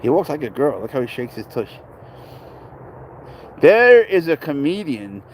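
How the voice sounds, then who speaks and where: A man's voice: a little high, big pitch swings, measured pace, a little hiss or hum, rough recording. A man casually chatting on a livestream about his pet, rambling and blunt, swearing freely as he reads and answers comments outdoors.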